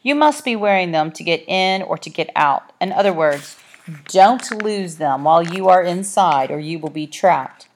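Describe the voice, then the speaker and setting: In a storybook reading, the haughty, brusque orange tomcat guide gets a dry, clipped, condescending delivery from a woman. She speaks at a moderate pace with fairly low pitch and lively intonation.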